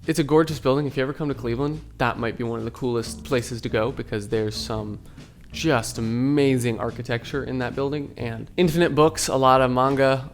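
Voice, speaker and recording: A man's voice: mid-range voice, creaky. A young man from Seattle, an acting student, narrating his week in a chatty, upbeat vlog. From Seattle, USA.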